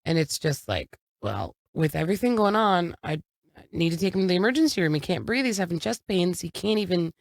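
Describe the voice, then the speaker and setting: Woman podcast co-host, very low voice, dry close sound, frank storytelling. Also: lively intonation, brisk, creaky, dry recording. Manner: storytelling, frank, swears casually. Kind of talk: casual chat.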